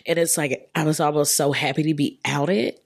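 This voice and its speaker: A woman's voice: low voice, normal speed, vocal fry, husky. A young woman from Texas, a podcast guest telling candid personal stories in casual chat, often laughing as she talks. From Texas, US South. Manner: candid, animated, laughs through her stories.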